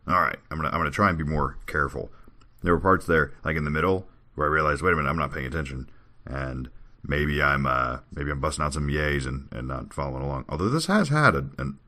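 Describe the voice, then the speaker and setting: A man's voice: very deep voice, vocal fry, a bit bright. A podcast host, a man, reading scripture aloud and breaking off into wry joking asides in casual chat.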